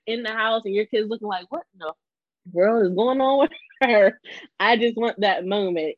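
A woman's voice: mid-range voice, no echo. Chatty woman podcast host, dry and dull sound. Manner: chatty and effusive, frequent laughs and quoted asides. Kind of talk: casual podcast chat.

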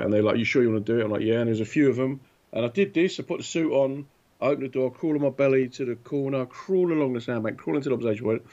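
Man, mid-pitched, lively anecdote teller, muffled lo-fi recording. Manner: animated anecdotes with acted-out voices. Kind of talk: casual storytelling chat. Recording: dull lo-fi sound.

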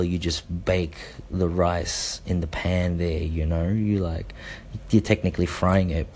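A man who is a father chatting casually to his listeners, rambling with frequent fillers and quick asides. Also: deep voice, darkish tone, a little hiss or hum. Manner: rambling, laughing, many fillers. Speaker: podcast host and father. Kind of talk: casual chat.

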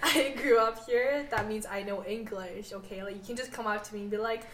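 A woman's voice: mid-range voice, fairly even intonation, fairly quick, fairly bright tone. Teen woman, exasperated storyteller, roomy distant sound with faint noise behind. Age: teens. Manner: exasperated, emphatic, "oh my God". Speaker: guest. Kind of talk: casual chat, storytelling.

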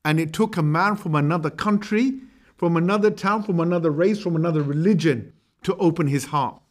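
A man's voice: on the high side, a little fast. A man giving a storytelling religious history lecture, conversational and acting out quotes. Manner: lively, conversational, acts out quotes.

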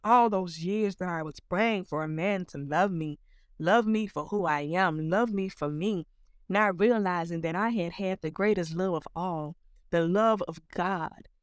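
A woman's voice: fairly low pitch, measured pace, no echo, studio quality. A woman giving a personal spiritual testimony in an earnest way, calling the listener honey. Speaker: testimony speaker.

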